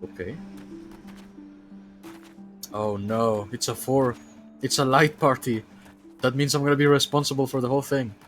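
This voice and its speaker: A man casually commenting on a video game as he streams it, thinking aloud and sometimes yelping with excitement. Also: medium pitch, normal speed, long pauses. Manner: chatty, thinks aloud, bursts into excited yelps. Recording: game music playing behind.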